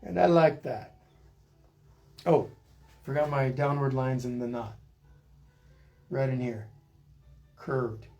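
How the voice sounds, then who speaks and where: A middle-aged man, teaching a live online painting lesson in a relaxed, chatty way and reading out viewer comments as he goes. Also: medium pitch, slow pace, long pauses. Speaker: painting instructor.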